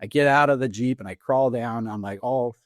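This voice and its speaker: A middle-aged man, an Army veteran, telling his own story as a podcast guest, in a halting way with many fillers and restarts. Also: medium pitch, no room sound, clean studio sound. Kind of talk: personal story told in an interview. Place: podcast studio.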